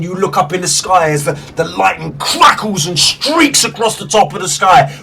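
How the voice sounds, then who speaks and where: A man's voice: high-pitched, animated, normal speed, vocal fry, hardly any pauses, a bit bright, far from the mic, slight background noise. A man narrating as game master, describing scenes vividly and swearing freely.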